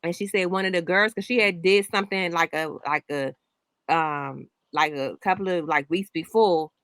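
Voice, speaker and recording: A woman's voice: on the low side, normal speed, fairly bright tone, dry recording. A woman hosting a casual reaction chat, telling stories in a rambling way with many restarts. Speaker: host.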